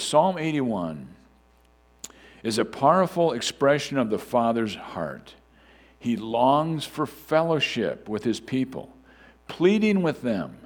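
A man delivers a sermon in a loose, conversational manner, often restarting his sentences. His pitch sits in a middle register but moves around a lot, lively and animated. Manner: conversational preaching with frequent fillers and restarts. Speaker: pastor.

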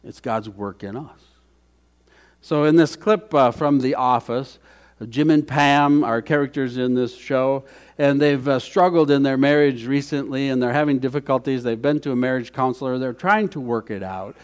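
A man's voice: medium pitch, moderate pace. Earnest man preaching a sermon. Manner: earnest, repeats key phrases, drops to soft emphasis. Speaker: pastor.

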